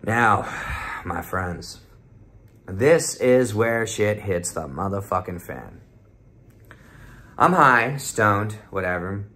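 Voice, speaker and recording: A young vlogger with a lowish, pushed and bright voice tells a rambling trip story slowly, pausing often, his intonation lively. He swears constantly, and his casual account is heavily profane. He frequently acts out his friends' quoted words.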